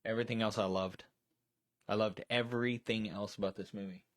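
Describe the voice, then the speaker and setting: Streaming live from a storage shed, this co-host talks movies casually, rambling and restarting with plenty of fillers. He speaks fairly quickly with fairly even intonation in a lowish voice, and the sound is clean and dry.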